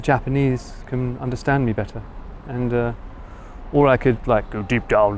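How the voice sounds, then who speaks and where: A man's voice: mid-range voice, fairly even intonation, moderate pace, a little hiss or hum. A man with an Essex accent chatting casually on a live stream, reading and answering viewer comments as he walks. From England. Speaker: livestream host. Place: outdoors on a city street.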